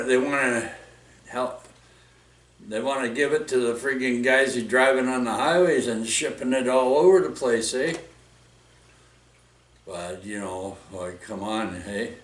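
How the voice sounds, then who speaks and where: A man's voice: mid-range voice, measured pace, a bit bright. A man with a Canadian accent ranting in a casual, rambling way, full of fillers, restarts and "eh". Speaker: vlogger. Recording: echoey room, mic far off.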